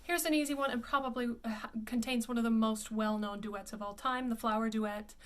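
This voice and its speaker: A woman vocal coach giving a pronunciation lesson, enunciating carefully and slowing down to model each word. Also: a little high, steady tone.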